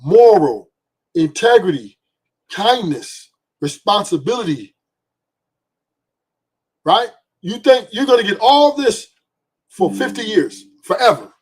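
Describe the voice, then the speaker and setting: Podcast host, male, husky, a bit high; blunt and profane, peppers his points with "right?". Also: big pitch swings, slow, long pauses, a little mellow. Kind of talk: opinionated podcast monologue.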